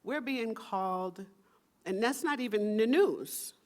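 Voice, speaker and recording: Slow, soft-spoken woman minister. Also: fairly high pitch. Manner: slow, soft, meditative delivery with playful asides. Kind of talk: sermon. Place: church sanctuary with congregation.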